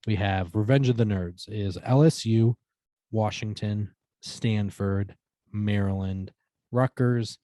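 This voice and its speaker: Low-voiced easygoing podcast co-host man. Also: slow pace, mellow, dry recording. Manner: easygoing, reads out lists steadily. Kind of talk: casual chat.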